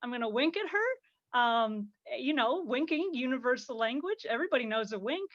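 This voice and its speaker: Rambling self-mocking woman, high voice. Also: lively intonation, brisk, no room sound. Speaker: comedian debater. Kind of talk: casual comic debate over a call. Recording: dull lo-fi call audio.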